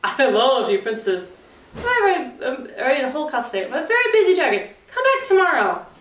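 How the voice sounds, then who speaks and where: A woman voicing a boastful, busy male dragon who brushes visitors off in a brisk, high voice, heard from a distance in a roomy space. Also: big pitch swings, a bit bright. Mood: brusque. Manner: brisk, dismissive, high-pitched.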